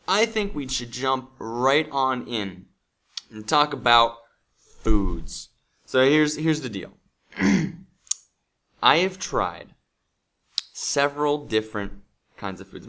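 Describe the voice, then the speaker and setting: A man's voice: medium pitch, a bit bright. Upbeat, chatty man. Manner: upbeat, chatty, full of fillers and restarts. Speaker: English teacher and podcast host. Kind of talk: casual podcast chat.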